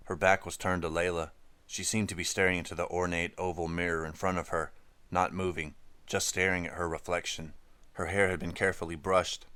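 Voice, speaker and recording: A man narrating an audiobook in an even, measured storytelling manner. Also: deep voice, clear, resonant tone, no echo.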